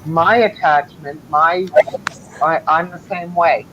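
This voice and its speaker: A woman's voice: sits low, takes it slowly, muffled recording, a little hiss or hum. A woman guest talking earnestly in a casual chat.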